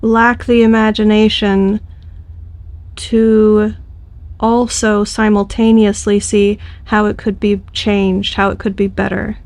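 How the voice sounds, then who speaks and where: A woman's voice: mid-range voice, little pitch movement, slow pace, darkish tone, no echo. A woman giving a casual spoken tarot reading to her viewers, thinking aloud with loose phrasing and frequent fillers. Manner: thoughtful, loose delivery with frequent fillers and restarts. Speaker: tarot reader.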